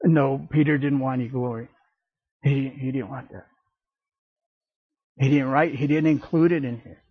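A man preaching a sermon in an animated way, acting out little voices and jokey asides. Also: mid-range voice, normal speed, breathy edge, no echo, highs cut off.

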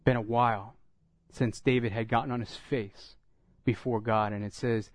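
Animated male pastor preaching. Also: mid-range voice, normal speed, dry recording. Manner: animated storytelling, acts out dialogue, rises when excited. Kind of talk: sermon.

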